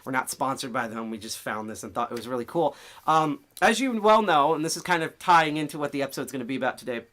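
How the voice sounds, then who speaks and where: A man's voice: mid-range voice, animated, quick pace, a bit bright. A man hosting a casual livestream show, rambling, swearing freely and losing his train of thought. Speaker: host.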